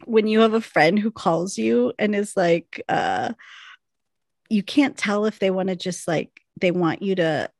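A woman's voice: medium pitch, measured pace, creaky, no echo. A woman co-hosting a podcast, chatting casually, telling anecdotes with acted-out asides and swearing freely. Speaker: podcast co-host. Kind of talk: casual chat.

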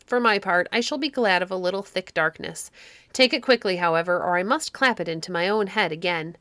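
A woman's voice: on the low side, a little fast, pushed and bright, no room sound, clean studio sound. A woman doing a curt old crone. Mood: impatient. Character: sharp-eyed old gray woman.

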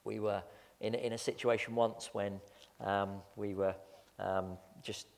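A man's voice: fairly low pitch, little pitch movement, measured pace, vocal fry. A man preaching a storytelling sermon as pastor, chatty and self-mocking, often stammering out repeated words. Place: church sanctuary. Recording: long church-hall reverb.

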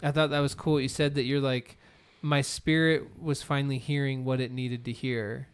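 A man co-hosting a podcast, asking a thoughtful, halting question. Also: mid-range voice, flat delivery, clear, resonant tone. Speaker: podcast co-host. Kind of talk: interview questions.

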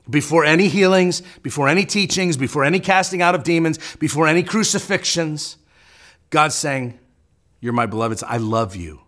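A man's voice: medium pitch, a bit bright. A man preaching a sermon as pastor, in an earnest way, often repeating a word as he starts a phrase.

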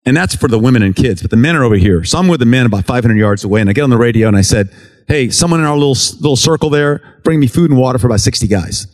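A man's voice: mid-range voice, expressive, very fast, a little mellow. Earnest American man telling war stories. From United States. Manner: earnest, conversational, acts out dialogue while telling stories. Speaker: relief worker giving a mission report to a church. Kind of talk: storytelling testimony talk.

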